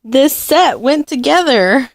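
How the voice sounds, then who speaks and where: A woman showing off her doll collection in a casual vlog, gushing and affectionate, with frequent soft laughs. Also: sits high, animated, takes it slowly, no echo, clean studio sound. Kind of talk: casual show-and-tell vlog.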